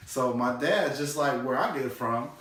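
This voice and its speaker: A man telling a comic family story, animated and loose, now and then shouting quoted lines in a high voice. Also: moderate pace. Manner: animated, shouts his dad's cussing in a high voice. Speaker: comedian. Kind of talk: storytelling stand-up. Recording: echoey room, distant mic.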